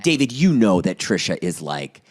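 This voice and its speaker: Teasing young man with a lively voice. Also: deep voice, moderate pace. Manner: teasing, needling, laughs at the other host. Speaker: podcast co-host. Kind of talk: casual podcast chat.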